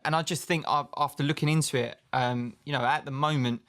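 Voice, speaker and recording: A man's voice: fairly high pitch, fairly quick. A British man co-hosting a podcast, chatting casually with lots of fillers. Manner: relaxed, filler-heavy. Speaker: podcast co-host. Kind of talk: casual chat.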